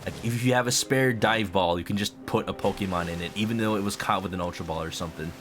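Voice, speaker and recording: A man's voice: sits low, quick pace, noisy background. A man streaming a video game, chatting playfully with his viewers and humming to himself. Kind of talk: casual game commentary. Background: game music.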